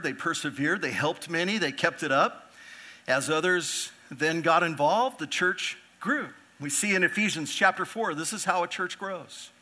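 Bright-voiced man preaching a sermon. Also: a little high. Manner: earnest preaching, swells louder on key points. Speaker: pastor.

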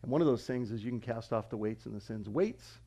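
A middle-aged man preaching a sermon, moving between quiet, reflective passages and loud, emphatic preaching. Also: medium pitch, fairly quick, highs cut off. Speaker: pastor.

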